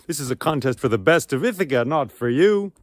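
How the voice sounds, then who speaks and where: A man storyteller voicing an arrogant young suitor who mocks and shouts. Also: medium pitch, animated, a little fast, no echo, clean studio sound, natural voice. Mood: scornful.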